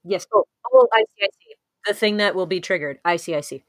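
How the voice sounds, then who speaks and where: A woman's voice: lowish voice, quick pace, no echo, studio quality. A woman playing in a tabletop game, playful and hesitant, with swooping fillers. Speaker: player. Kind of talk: casual tabletop game play.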